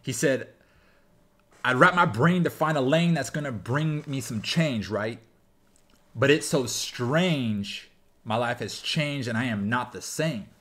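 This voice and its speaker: A man hosts a casual music reaction, pausing the track to break down lyrics with bursts of excitement and laughter. His voice sits at a medium pitch, and he talks as if explaining to friends. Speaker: reaction video host.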